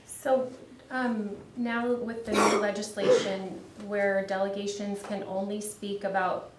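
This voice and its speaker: A woman's voice: mid-range voice, little pitch movement, measured pace. Questioning woman on a distant, noisy mic. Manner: questioning, thinks aloud with fillers. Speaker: board trustee asking questions. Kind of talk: meeting discussion. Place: district office meeting room. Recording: distant mic in a roomy space with loud noise.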